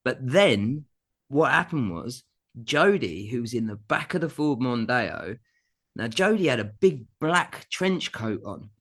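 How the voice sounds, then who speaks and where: A middle-aged man from England, a guest musician telling an anecdote in a casual chat, animated and full of laughs and acted-out quotes. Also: medium pitch, measured pace. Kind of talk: casual storytelling.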